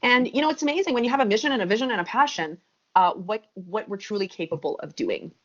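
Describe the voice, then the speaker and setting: Woman, 30s, podcast guest; lively emphatic storyteller, mid pitch, dull lo-fi sound. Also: fast talker. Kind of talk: podcast interview. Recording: muffled lo-fi audio.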